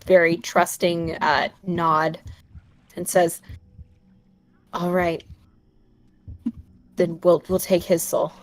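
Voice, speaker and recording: A woman's voice: lowish voice, little pitch movement, slow pace. A woman playing a tabletop game, chatting and helping with the rules. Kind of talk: casual tabletop game chat.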